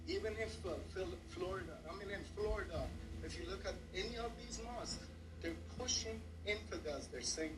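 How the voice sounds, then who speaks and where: A man's voice: sits high, moderate pace. A man from Iran, speaking in a played clip, impassioned and pleading. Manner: impassioned, pleading, rising intensity. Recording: distant echoey clip with loud noise.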